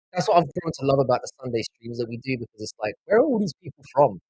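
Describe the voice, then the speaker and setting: A man with a South London accent chats loosely on a live stream, swearing freely and wandering between topics. His voice is husky and slightly rough. The sound is dry and close, with almost no room echo. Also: medium pitch, sing-song, a little fast, a little mellow. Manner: rambling, profane banter, answers viewers' chat. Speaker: livestream host. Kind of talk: casual live-stream chat.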